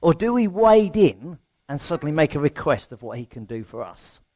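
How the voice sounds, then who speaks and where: Male preacher, slightly high voice, chatty sermon delivery with self-mocking asides. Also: big pitch swings, moderate pace, darkish tone. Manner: rhetorical questions, self-deprecating humour. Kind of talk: conversational sermon.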